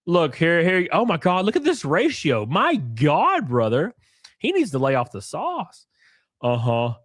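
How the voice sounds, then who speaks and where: A man's voice: a little high, measured pace, no echo, clean studio sound. A man live-streaming, reading posts aloud and ranting at them in a mocking, profane way while drinking. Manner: mocking, profane, animated rants.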